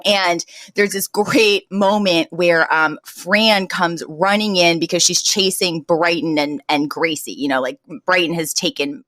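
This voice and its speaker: A woman's voice: lowish voice, unhurried, few pauses, no echo. A young adult woman co-hosting a podcast, retelling a sitcom episode in casual chat with frequent laughs. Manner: laughs often, animated retelling with quoted lines. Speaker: podcast co-host.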